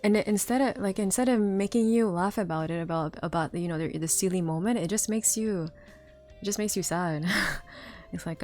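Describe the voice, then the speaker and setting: A woman's voice: fairly low pitch, a little fast, a little mellow. A woman streamer chatting casually with viewers, rambling with lots of fillers and restarts. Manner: rambling, many fillers and restarts, laughs often. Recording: faint music underneath.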